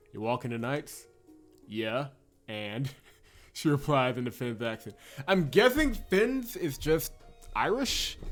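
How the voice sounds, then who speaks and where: A man of middle pitch reads a visual novel aloud on a livestream, switching between dramatic narration and playful asides. He laughs often and trips over words, correcting himself as he goes. Soft music plays faintly underneath. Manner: chuckles often, breaks off into playful commentary; stumbles and self-corrects on words. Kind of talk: dramatic read-through with casual asides.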